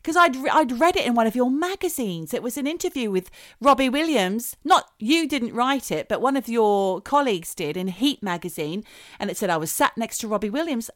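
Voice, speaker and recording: A woman's voice: fairly high pitch, a little fast, dry recording, studio quality. A woman co-hosting a podcast in casual chat, opinionated and playful. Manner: opinionated, playful, animated delivery. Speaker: podcast co-host.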